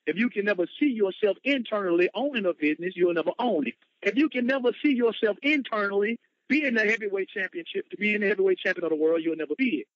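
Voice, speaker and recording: A man's voice: sits high, animated, quick pace, dry recording. A man, a motivational speaker, telling his personal story with emphatic, dramatic retelling. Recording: dull lo-fi, dry sound.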